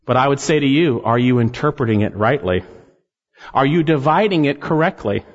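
A man preaching an expository sermon as a pastor, emphatic, rising on key phrases and slowing down to drive points home. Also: mid-range voice, expressive. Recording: dull sound with long reverb in a large hall.

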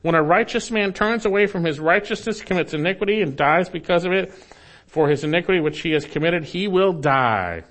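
A man's voice: expressive, brisk. Earnest man preaching with wide swings. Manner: earnest and exhortative, with wide swings between loud emphatic lines and soft low ones; addresses the listener directly as "my friend". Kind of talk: expository sermon.

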